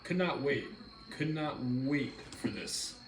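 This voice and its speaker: Man, casual dinner chat host, rambling, easygoing, roomy echo, clear background noise. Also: mid-range voice, animated, takes it slowly. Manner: rambling, easygoing, greets viewers. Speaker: live-stream host.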